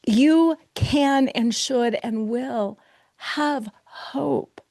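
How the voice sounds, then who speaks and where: A woman's voice: medium pitch, a little mellow, no room sound, clean studio sound. A middle-aged woman hosting a podcast as a betrayal recovery coach, talking expressively and acting out people's inner voices. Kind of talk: solo podcast monologue.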